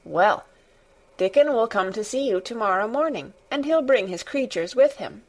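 A woman's voice: a little high, lively intonation, moderate pace. A woman reading the part of a blunt, sour-tempered young girl in a storybook, talking frankly and snapping when crossed. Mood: eager.

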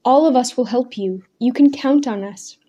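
A woman's voice: fairly high pitch, normal speed, warm tone, muffled recording, natural voice. Earnest young man in a storybook, pressing and desperate, voiced by a woman narrator. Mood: urgent.

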